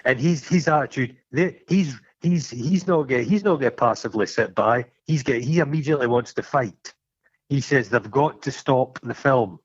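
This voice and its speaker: A man's voice: mid-range voice, slightly rough, lo-fi sound. A man co-hosting a casual film podcast, teasing and stumbling through restarts as he recaps scenes. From Scotland. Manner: halting, stammering restarts, teasing. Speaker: podcast co-host.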